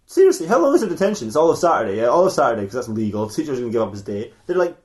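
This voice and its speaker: Racing through an improvised comedy story, a male podcast host sounds very animated in a mid-range, darkish voice. He rambles, breaks himself off and restarts again and again, laughing often.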